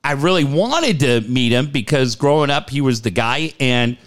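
Mid-range in pitch and normal in pace, this male radio host keeps things casual. His stories come out lively, full of acted-out quotes and plenty of cursing.

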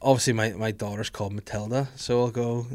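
A man's voice: on the low side, fairly even intonation, a little fast. Guy, middle-aged, messing about on a live chat, laughs a lot, swears. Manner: playful, jokey, laughs often, sweary.

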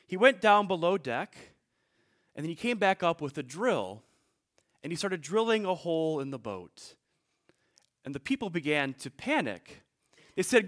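A man's voice: sits high, big pitch swings, moderate pace, long pauses, a bit bright. A male pastor preaching a sermon in a conversational, storytelling way, with asides to the congregation.

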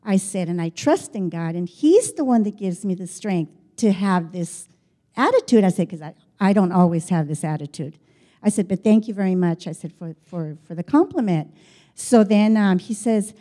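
Older lady telling a chatty story, warm mellow voice, does little voices for the people in it. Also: mid-range voice, normal speed. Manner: chatty, animated, quotes dialogue, frequent restarts. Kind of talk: personal testimony storytelling.

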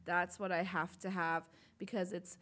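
A woman's voice: lowish voice, level tone, normal speed, a bit bright. A young woman co-hosting a casual chat podcast, playful and teasing, laughing often. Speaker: podcast co-host.

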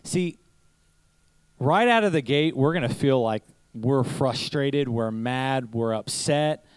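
A man's voice: medium pitch, lively intonation, slow pace, smooth, dry recording, poor audio. A pastor preaching to his church in a conversational sermon, telling stories, asking rhetorical questions and chuckling now and then. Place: church service.

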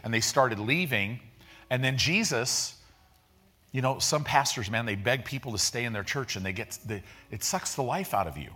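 A pastor delivering a sermon in an easygoing, chatty manner, mixing slang into his teaching. He often slows down to stress a point, then speeds into excited bursts. His voice sits at an ordinary middle pitch for a man. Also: slightly rough. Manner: conversational preaching with slang and vivid retellings.

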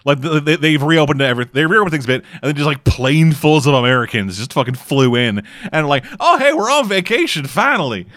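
A man's voice: mid-range voice, quick pace, few pauses, a bit bright, no room sound. A man co-hosting a podcast in casual chat, rambling, swearing and laughing often. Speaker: podcast co-host.

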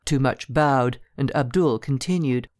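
A man reading a story aloud as narrator, with a measured storytelling delivery. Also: medium pitch, darkish tone, no echo, studio quality. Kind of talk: audiobook narration.

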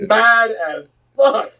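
Guy hosting a podcast, swearing a lot, slightly high voice. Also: breathy edge, poor audio. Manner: profane, animated storytelling with laughs. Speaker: podcast host. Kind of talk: casual chat.

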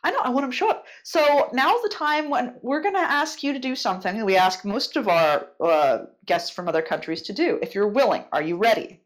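A woman's voice: a little high, lively intonation, brisk, few pauses. A woman from the United States co-hosting a casual podcast, playful, laughing and swearing often. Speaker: podcast co-host.

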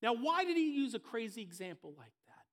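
Male pastor, high tenor voice, emphatic repetition. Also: big pitch swings, a little fast. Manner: building to impassioned, emphatic repetition. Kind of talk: sermon. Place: church service.

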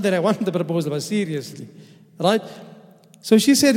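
A high-voiced man with a South African accent preaches with loose, humorous storytelling. He slips into little acted bits of dialogue as he explains the text. His voice rings with the long reverb of a large mosque hall. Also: expressive, moderate pace, long pauses, darkish tone. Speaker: imam giving Quran commentary. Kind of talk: sermon.

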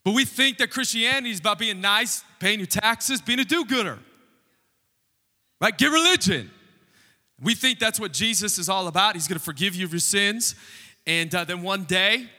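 A man's voice: high voice, normal speed, pushed and bright, big-room sound. A man preaching a sermon as pastor, conversational and joking with the congregation. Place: church sanctuary.

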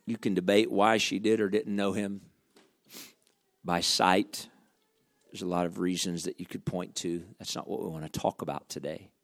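A man preaching a sermon, dramatic and full of rhetorical questions, dropping to a hush and then rising loud again. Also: low voice, steady tone, normal speed, no room sound.

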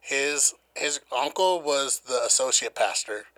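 A young man co-hosting a podcast tells a story casually and animatedly, swearing a lot and acting out the quotes. His voice is medium-pitched and his pace measured.

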